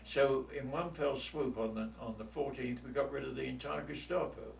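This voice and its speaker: A man's voice: medium pitch, steady tone, moderate pace, gravelly. A man in his eighties with a London accent, a war veteran telling blunt, salty stories in an oral history interview. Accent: London English. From London, England. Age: 80s. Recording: echoey room, distant mic, faint noise.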